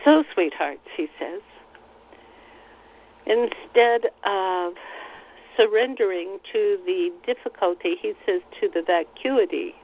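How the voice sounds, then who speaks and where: A woman relaying channeled spiritual teachings on a recorded call, speaking slowly and gently and repeating phrases. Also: mid-range voice. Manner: slow, soothing, repeats phrases, relays quotes. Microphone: phone line on a teleconference call. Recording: slightly dull teleconference audio.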